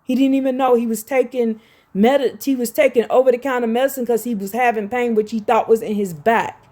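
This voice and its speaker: A woman's voice: on the high side, steady tone, brisk, darkish tone. A woman talks straight to her audience in a loose, rambling religious monologue. She circles back on her words and turns pointed and confrontational. Her delivery is emphatic throughout. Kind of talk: direct-to-camera religious monologue.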